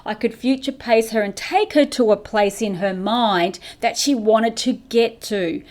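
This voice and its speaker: A woman's voice: on the high side, unhurried, few pauses, a little mellow. A middle-aged woman hosting a motivational business podcast, talking straight to camera with emphatic rhetorical questions. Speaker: podcast host and business coach. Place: indoors, facing camera.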